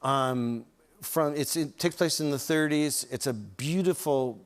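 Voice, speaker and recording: A man from Toronto chatting as a talk show guest, animated and laughing, acting out voices in his stories. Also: medium pitch, a little slow. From Toronto, Canada. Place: TV studio.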